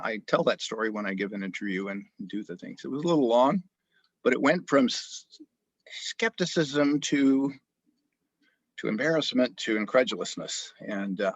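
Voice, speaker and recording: A man, an osteopathic family physician, telling an animated story in an interview, full of restarts. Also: mid-range voice, slightly rough, dry recording, dull audio. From grew up in Japan.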